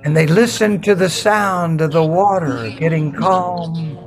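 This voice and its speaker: A man telling a folktale in an improvised, slow and measured storytelling manner. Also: fairly high pitch, soft background music, low-quality recording. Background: veena accompaniment.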